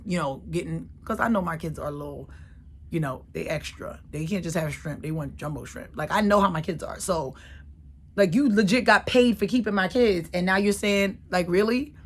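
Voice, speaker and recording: Woman, thirties, casual storytelling, emphatic, animated, repeats herself for effect. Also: medium pitch. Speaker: channel host.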